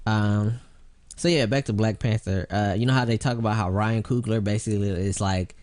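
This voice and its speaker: A man's voice: fairly low pitch, steady tone, normal speed, darkish tone. A man co-hosting a casual podcast, rambling and laughing as he acts out quotes in put-on voices. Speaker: podcast co-host. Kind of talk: casual chat.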